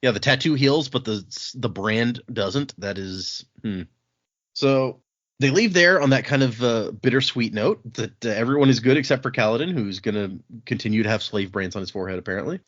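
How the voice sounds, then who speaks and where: A man's voice: medium pitch, animated, normal speed, a bit bright, muffled recording. A man hosting a podcast, casually retelling book scenes and acting out the characters' quoted lines. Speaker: podcast host.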